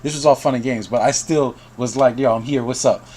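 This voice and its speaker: A man's voice: medium pitch, a little fast, a little mellow, a little hiss or hum. A man hosting a game news stream, telling a story to call guests in a casual way, often laughing and reading out chat messages.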